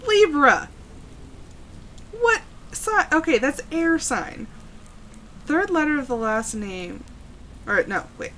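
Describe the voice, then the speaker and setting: A young woman streaming a horror game live, working slowly through puzzles and breaking into frightened exclamations. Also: high voice, very animated, a bit bright, slight background noise. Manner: jumpy, frightened exclamations between slow puzzle-solving. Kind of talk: live gameplay commentary.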